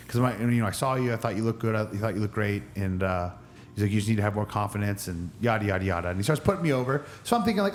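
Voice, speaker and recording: A man's voice: on the low side, animated, rapid-fire, slight background noise. A man who is a guest on a podcast, telling a story with lots of energy and acting out the other people's lines in a raised voice. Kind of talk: animated storytelling.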